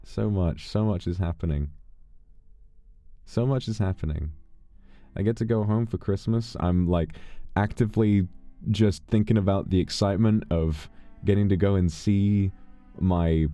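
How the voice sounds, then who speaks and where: A man streaming from home who reads out thanks to his fans in a soft, intimate way and is close to tears. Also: deep voice, a little slow, no room sound. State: emotional, holding back tears. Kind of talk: casual livestream talk, reading out fan thanks. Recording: dull lo-fi audio with faint music.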